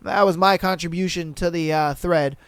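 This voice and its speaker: A man hosting a podcast, telling a story in casual slangy talk, animated, laughing and swearing. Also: on the high side, normal speed, clean tone, dry recording, clean studio sound. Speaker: podcast host. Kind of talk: casual storytelling and reading listener posts.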